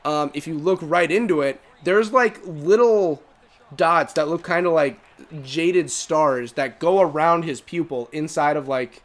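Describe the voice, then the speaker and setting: A man's voice: on the high side, a little slow. A young man chatting casually while streaming a game, rambling with many fillers. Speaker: gaming co-host. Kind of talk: casual chat while gaming.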